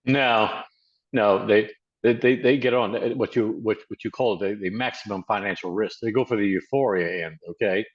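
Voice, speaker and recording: An American man in casual chat, talking haltingly with many repeated words. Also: lowish voice, lo-fi sound. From United States.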